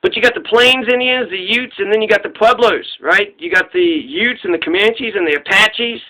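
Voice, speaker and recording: Guy going over trivia answers, swears a lot, rambles, kinda high bright voice. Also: moderate pace, rough recording. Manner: loose and profane, rambling with restarts; puts on gruff voices to act out quoted people. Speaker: trivia host. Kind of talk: casual solo trivia talk.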